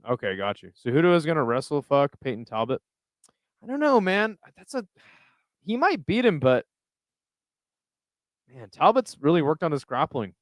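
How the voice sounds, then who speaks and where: Smooth-voiced young man chatting loosely. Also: a little high, dry recording. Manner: loose, profane, rambling. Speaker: livestream host reading chat. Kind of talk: casual live chat.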